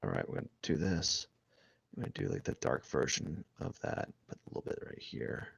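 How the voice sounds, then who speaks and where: A man streaming live as he draws, rambling and thinking aloud, restarting his sentences and often trailing off quietly. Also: rumbling low, sing-song, brisk, vocal fry, breathy edge, dry recording. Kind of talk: casual live-stream narration while drawing.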